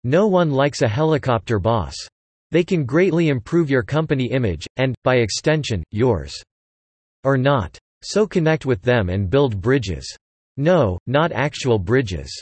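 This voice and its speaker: A man narrating a satirical guide in a dry, sarcastic, deadpan way, also playing a surveyor on one-sided phone calls. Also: mid-range voice, measured pace, slightly rough, dry recording.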